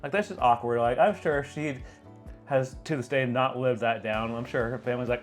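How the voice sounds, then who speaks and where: A man, a photographer and video host, giving chatty, animated reaction commentary and laughing along. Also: medium pitch, normal speed, faint music behind.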